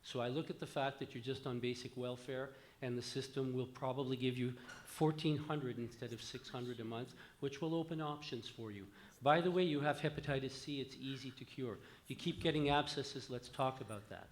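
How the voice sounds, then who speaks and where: A man's voice: mid-range voice, normal speed, hardly any pauses. A man, a physician, making an emphatic comment from the floor at a conference, often dropping his voice at the ends of phrases. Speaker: physician asking a question from the floor. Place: conference hall.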